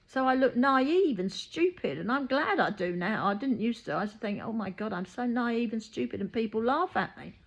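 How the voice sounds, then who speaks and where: A woman's voice: on the high side, expressive, moderate pace, hardly any pauses. Blunt, matter-of-fact woman healer. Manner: blunt, matter-of-fact, acts out quoted voices. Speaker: reiki healer. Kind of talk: casual spoken monologue.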